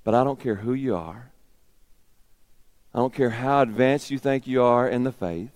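A man preaching a sermon in a dramatic way, dropping to a whisper and rising to loud emphasis. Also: medium pitch, normal speed.

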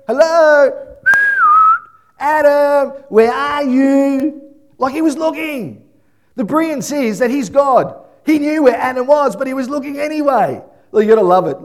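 A man, middle-aged, preaching a sermon and telling family stories with lively acted-out voices. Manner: animated storytelling, acts out voices, high excited calling. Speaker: pastor.

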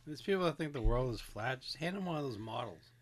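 A woman's voice: rumbling low, animated, quick pace. A woman co-hosting a casual podcast chat, tossing in dry quips and short laughs. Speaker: podcast co-host. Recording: noisy recording.

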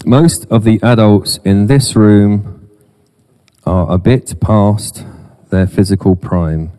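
A man's voice: on the low side, steady tone, takes it slowly, warm tone. A middle-aged man preaching a sermon in church, with humorous self-deprecating asides. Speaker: pastor.

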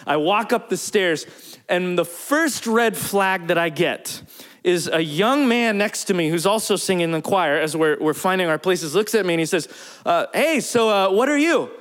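A man preaching, telling a personal story in a lively, animated way and acting out the quotes. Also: sits high, normal speed. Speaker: pastor. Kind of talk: storytelling sermon.

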